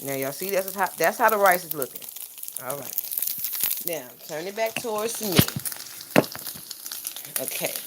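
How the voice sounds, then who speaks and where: A woman's voice: fairly low pitch, expressive, measured pace, long pauses. A woman chatting playfully to her viewers while she cooks breakfast, in a goofy, talkative way. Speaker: home cook vlogger. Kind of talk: casual cooking chat to viewers. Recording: sizzling cooking noise behind.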